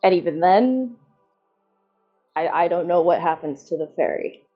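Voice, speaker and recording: A deep, resonant ancient tree spirit speaks in slow, solemn, measured words, put on by a woman. The audio is dull and lo-fi. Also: animated, faint music behind. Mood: grave.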